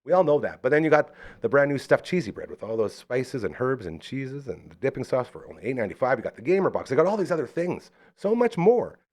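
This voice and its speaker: A man's voice: mid-range voice, very animated, quick pace, hardly any pauses. A man hosting a live local podcast, chatting casually and rambling through enthusiastic sponsor plugs. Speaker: podcast host.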